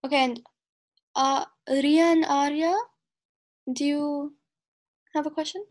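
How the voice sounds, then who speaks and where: Patient high-voiced woman teaching syllables. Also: steady tone. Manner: patient, slow, drills sounds syllable by syllable. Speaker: language teacher. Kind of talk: online class, calling on students.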